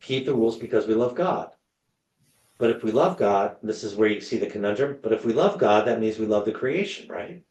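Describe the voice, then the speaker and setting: A man's voice: on the low side, lively intonation, a little fast, darkish tone, echoey room, low-quality recording. A man leading a Lenten Bible study in a church, conversational and storytelling, checking in with the group. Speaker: church teacher. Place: church meeting room.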